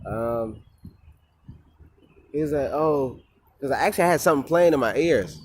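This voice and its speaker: A man's voice: medium pitch, animated, normal speed, a little mellow, slight background noise. A man venting in a casual vlog, rambling and swearing, with many fillers and restarts. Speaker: vlogger.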